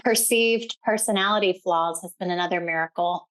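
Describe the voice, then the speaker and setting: A woman's voice: on the low side, moderate pace, a bit bright. Reflective, long-winded woman podcaster. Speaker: podcast co-host. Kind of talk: casual chat.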